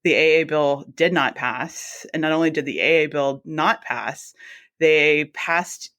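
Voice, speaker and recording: A woman, a guest telling her career story in a chatty, animated way and acting out her own reactions. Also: sits low, unhurried. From South Mississippi. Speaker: guest, anesthesiologist assistant. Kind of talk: casual storytelling interview.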